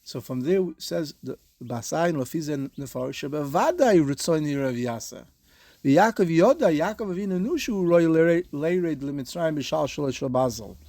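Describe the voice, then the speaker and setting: Earnest rabbi with a fairly high voice. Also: male voice, lively intonation, normal speed, darkish tone, dry recording. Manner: explains earnestly, mixing Hebrew and Yiddish terms; rises to emphatic peaks when stressing a point. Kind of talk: Torah lecture.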